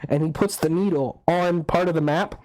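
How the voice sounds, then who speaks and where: A man's voice: a little high, moderate pace, a little mellow, poor audio. Sarcastic man retelling movie scenes. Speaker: podcast co-host. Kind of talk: casual chat.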